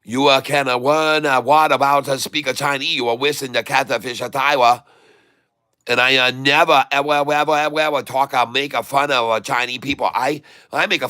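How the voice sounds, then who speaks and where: A man putting on a halting, broken-English male persona, speaking slowly with many pauses. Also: mid-range voice, sharp tone, smooth, dry recording, clean studio sound, lightly acted. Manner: slow, halting, full of uh pauses.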